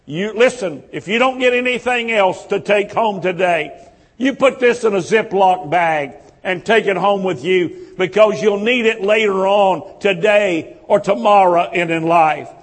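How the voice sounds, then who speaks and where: High-voiced man preaching slowly in a hall. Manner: impassioned, repetitive preaching cadence. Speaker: pastor. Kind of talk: sermon.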